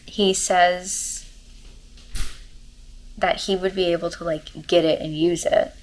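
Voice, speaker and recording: A young woman, excitedly rambling about a book to her camera in a casual reading vlog, full of fillers. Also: lowish voice, takes it slowly, poor audio. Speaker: book vlogger. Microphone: camera mic, talking to camera.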